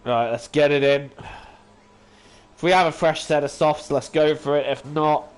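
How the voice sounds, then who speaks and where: A man's voice: fairly high pitch, steady tone, normal speed, clean tone. A man talking to himself while playing a racing game, self-critical with exasperated outbursts. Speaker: gaming channel host. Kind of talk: casual gameplay commentary. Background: faint game music.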